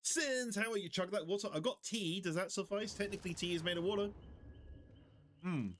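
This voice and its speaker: A British man streaming a game, chatting casually and joking, often jumping up into high squeals. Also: fairly even intonation, brisk, a little hiss or hum. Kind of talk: casual gameplay commentary.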